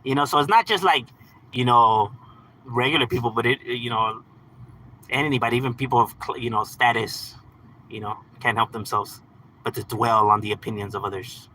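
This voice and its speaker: A man's voice: mid-range voice, steady tone, normal speed, bright, forceful tone, slight background noise, poor audio. A man hosting a livestream, reading out chat messages and answering in a laid-back, slangy, profane way with frequent laughs. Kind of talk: casual live chat.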